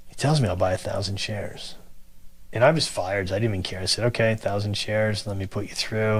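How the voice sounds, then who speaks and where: Guy with a lowish voice telling a story, acts out the people in it. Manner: animated, acts out quoted people. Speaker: guest telling his story. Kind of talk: casual storytelling.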